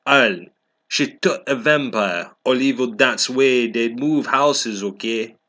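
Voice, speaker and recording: A man's voice: mid-range voice, a little slow, bright, forceful tone. A man voicing a petulant teenage girl who writes fan fiction, speaking in a snippy way.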